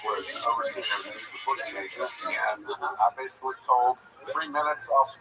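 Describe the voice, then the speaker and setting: A man's voice: mid-range voice, brisk. A man in his fifties from Georgia, telling a rambling joke story and chatting as a comedian guest, with many fillers. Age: 50s. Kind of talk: casual stand-up and chat. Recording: distant mic with loud music.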